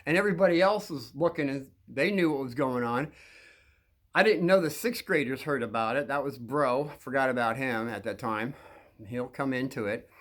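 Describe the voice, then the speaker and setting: A man's voice: fairly high pitch, a bit bright. A man telling a long story from his school days to young listeners, rambling with frequent restarts and repeated words.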